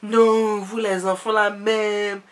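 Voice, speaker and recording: A woman voicing a confident older Ivorian auntie with an Ivorian French accent, insisting loudly in rapid bursts. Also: mid-range voice, flat delivery, natural voice. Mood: indignant.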